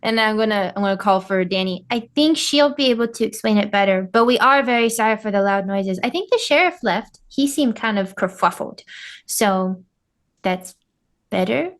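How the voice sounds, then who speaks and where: A woman playing a tabletop game, bubbly and quick to laugh. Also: medium pitch. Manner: giggly, bubbly. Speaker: player.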